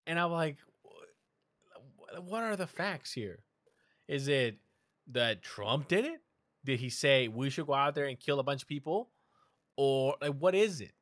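A man's voice: medium pitch, a little slow, a bit bright, dry recording, clean studio sound. A young man in casual podcast chat, telling stories animatedly, swearing and mimicking his mother.

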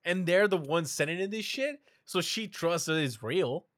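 Young man, casual podcast chat, animated storytelling, lively swooping pitch, dry close sound. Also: normal speed, no echo. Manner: animated storytelling, swears, mimics his mom.

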